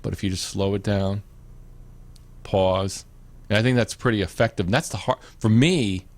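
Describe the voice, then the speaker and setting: Gravelly low-voiced male host. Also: lively intonation, quick pace. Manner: rambling, repeats words, many "you know"s. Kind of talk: casual live-show chat.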